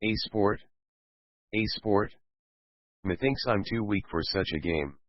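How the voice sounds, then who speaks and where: A wry scientist who teases with mock praise, as a man reads him. The voice is deep, and the dull, lo-fi recording is dry. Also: slow, no echo. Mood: teasing. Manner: wry, teasing. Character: joking, ironic male scientist.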